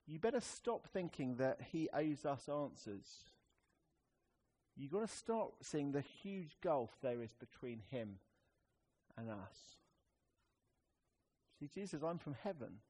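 A man delivering a sermon in a casual, wry, conversational manner. His voice sits a little high for a man and moves a lot, jumping up for emphasis and sinking low and soft for serious points. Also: very animated, takes it slowly, pauses often, breathy edge. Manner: conversational, wry, with sudden emphatic rises and quiet drops. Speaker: preacher.

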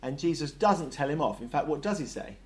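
A man leading an interactive Bible study, lively and jokey, asking the group questions. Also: a little high, brisk.

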